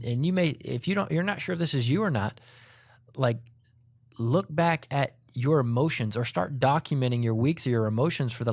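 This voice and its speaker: A man's voice: mid-range voice, a little mellow, dry recording, studio quality. A middle-aged man co-hosting a casual podcast chat, talking in long, rambling runs that often restart mid-sentence. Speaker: podcast co-host.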